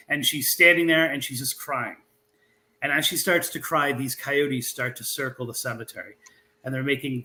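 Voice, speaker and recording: Man, interview guest, animated storyteller, bright forceful tone, frequent restarts and fillers. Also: medium pitch, rough recording. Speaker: guest author and researcher. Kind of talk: telling a local legend in an interview.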